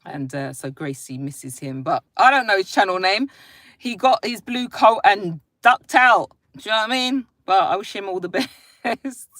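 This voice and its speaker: Here a mom chats on a phone live stream, reading viewer comments, welcoming people by name and talking freely. She's an adult with a medium-pitched, fairly bright voice, lively intonation, normal speed and no echo.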